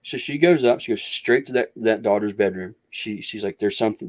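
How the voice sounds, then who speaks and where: Low-voiced man telling a long story. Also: expressive, a little fast, darkish tone. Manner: rambling, restarts, acts out others' words. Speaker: guest researcher. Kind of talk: storytelling in a casual interview.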